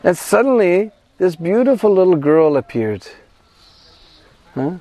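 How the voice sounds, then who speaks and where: A man guiding a pilgrimage, telling a devotional story in an animated way and acting out the quoted voices. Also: high voice, a little slow. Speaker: pilgrimage guide and devotional speaker. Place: at a shrine on pilgrimage.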